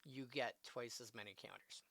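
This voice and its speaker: A man's voice: mid-range voice, moderate pace, gravelly, a bit bright, no room sound. A man casually commenting on a live stream, reading card text aloud and adding musing asides. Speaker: streamer opening card packs.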